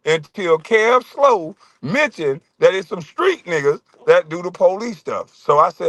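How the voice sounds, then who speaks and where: Man streamer, profane mocking rant, lively swinging pitch, dry close sound. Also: normal speed, hardly any pauses, no room sound. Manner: mocking, profane, laughs often. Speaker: livestream host.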